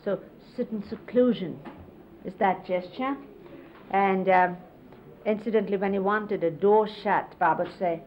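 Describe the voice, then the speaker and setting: A middle-aged woman casually reminiscing, explaining hand gestures in an unhurried, conversational way and often quoting others. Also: medium pitch. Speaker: interviewee recalling life with a spiritual teacher. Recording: lo-fi 1970s videotape, faint hiss.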